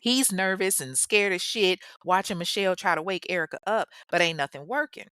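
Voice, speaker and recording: Woman, podcast host, casual true-crime storytelling, blunt and profane, slightly low voice, dry close sound. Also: fairly quick, fairly bright tone, clear, resonant tone, no echo.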